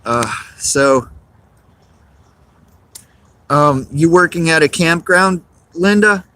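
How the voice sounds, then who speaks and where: A man's voice: on the high side, animated, slow pace, sharp tone. A man, live-streaming outdoors on a cold, windy day, rambling and greeting chat viewers by name.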